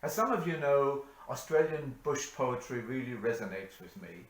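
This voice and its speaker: A man from rural Ireland, reciting a bush poem in a measured, theatrical storytelling voice. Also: mid-range voice, lively intonation. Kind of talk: poetry recitation. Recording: echoey room.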